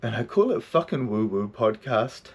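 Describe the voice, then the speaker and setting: A man's voice: medium pitch, big pitch swings, normal speed, husky. A middle-aged man from New Zealand, a counselor hosting his own podcast, talking in a raw, emotional, heavily swearing way. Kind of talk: confessional solo podcast talk.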